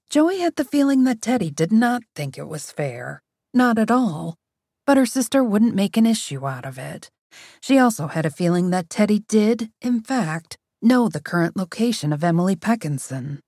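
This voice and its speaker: A woman narrating a novel aloud in a wry, expressive reading. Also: mid-range voice, no room sound, clean studio sound. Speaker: audiobook narrator. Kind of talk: scripted narration.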